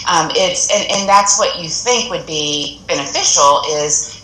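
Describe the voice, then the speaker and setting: A woman's voice: sits low, unhurried, sharp tone, echoey room, rough recording. A woman appearing as a guest on a TV talk segment, explaining practical tips earnestly and often restarting her sentences. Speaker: audiologist guest. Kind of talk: TV interview advice.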